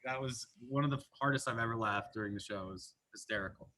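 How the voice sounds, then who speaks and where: Excited producer dude, bright voice, kinda stumbly, telling stories on a chat show. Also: male voice, medium pitch, quick pace. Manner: enthusiastic, stumbles and restarts, laughs while telling stories. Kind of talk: casual chat.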